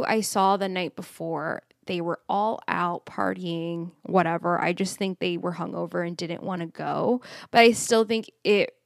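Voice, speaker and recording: A young woman hosting a podcast, telling a personal story in a blunt, animated way and swearing freely. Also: medium pitch, dry recording, studio quality. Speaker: podcast host. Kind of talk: candid storytelling monologue.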